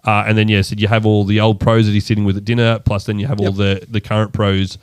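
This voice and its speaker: A man's voice: fairly low pitch, level tone, smooth, no room sound. A man co-hosting a podcast, rattling through film details in a rambling, restarting way. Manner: fast, rambling recounting with restarts. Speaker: podcast co-host. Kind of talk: casual chat.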